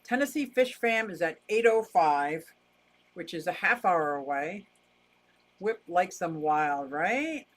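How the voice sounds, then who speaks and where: A woman's voice: on the low side, expressive, slow. Chatty older woman on a livestream. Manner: chatty, wry, laughs easily, rants about costs. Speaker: livestream host. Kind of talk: casual livestream chat reading viewer comments.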